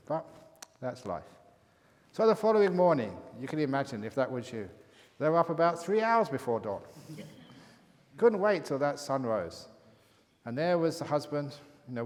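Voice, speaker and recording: Man, Buddhist teacher, relaxed storytelling, chuckling, long hall reverb. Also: mid-range voice. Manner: relaxed, chatty, with frequent chuckles. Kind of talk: storytelling Dharma talk.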